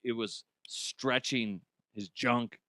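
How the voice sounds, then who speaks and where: A middle-aged man hosting a comedy news show, riffing on odd headlines in an animated, jokey way and swearing freely. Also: mid-range voice, drawn-out words, dry recording.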